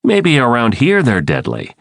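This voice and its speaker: A man voicing a calm, firm teenage boy who leads the group in an audiobook, speaking tersely. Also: medium pitch, measured pace, gravelly, no room sound, studio quality, voice pushed up, full character voice. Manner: terse, commanding.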